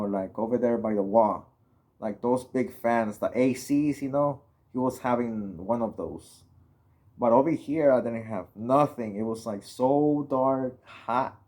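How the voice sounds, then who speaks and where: A man's voice: mid-range voice, darkish tone. A young man from Mexico casually telling a personal story on his vlog, rambling and full of filler words. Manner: rambling, heavy on "you know" and "like" fillers. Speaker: vlogger.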